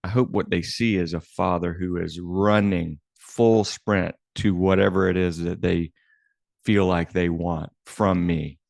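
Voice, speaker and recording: A man's voice: low voice, fairly even intonation, a little slow, creaky, darkish tone, dry recording, clean studio sound. A man co-hosting a podcast, talking thoughtfully and searching for his words. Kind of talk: casual podcast conversation.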